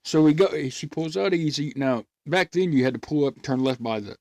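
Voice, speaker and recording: A man's voice: a little high, fairly quick, dry recording. A man telling stories in casual chat, acting out voices and laughing often. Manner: animated storyteller, acts out voices, laughs often. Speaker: podcast host.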